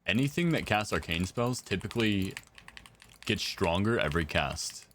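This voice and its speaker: Laid-back low-voiced gamer guy streaming. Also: lively intonation, normal speed, fairly bright tone, slight background noise. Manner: laid-back, slangy, chatting to viewers while playing. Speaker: game streamer. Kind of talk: casual live-stream chat.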